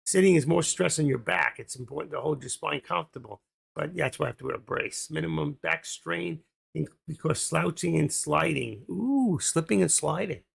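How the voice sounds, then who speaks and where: A man hosts a casual trading live stream, rambling and half-muttering to himself. His voice is heavily gravelly and raspy, sitting a bit higher than most men's. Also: normal speed, fairly bright tone.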